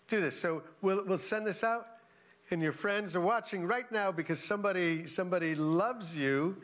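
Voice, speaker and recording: A male pastor giving a conversational sermon, telling stories with chuckling asides. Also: a little high. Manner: animated storytelling, chuckling asides.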